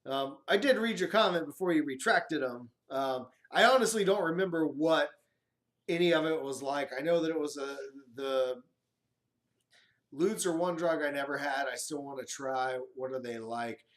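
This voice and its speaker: Guy on a live stream rambling thru a wild story, swears a lot, voice a bit high. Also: moderate pace, a bit bright. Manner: profane, rambling storyteller, acts out quotes. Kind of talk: casual live chat storytelling.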